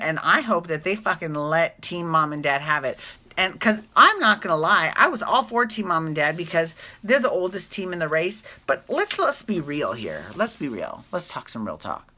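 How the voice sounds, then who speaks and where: A woman vlogger doing a casual, rambling TV recap, correcting herself often and adding animated asides. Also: low voice.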